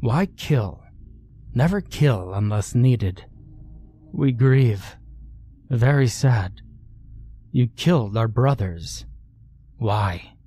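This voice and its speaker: Male narrator reading a grave alien in clipped broken speech; slow, dark. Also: mid-range voice, expressive, husky, full character voice. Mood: stern. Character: terse, flat-spoken alien creature, sexless.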